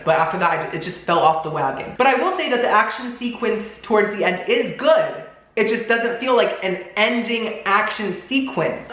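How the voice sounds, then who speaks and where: A chatty vlogger reviews a film in a loose, expressive way, dropping "like" into nearly every thought. The voice sits at a middle pitch. The sound bounces around a very echoey room. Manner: chatty, expressive, lots of fillers like "like". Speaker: movie reviewer, channel host. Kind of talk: casual movie review vlog.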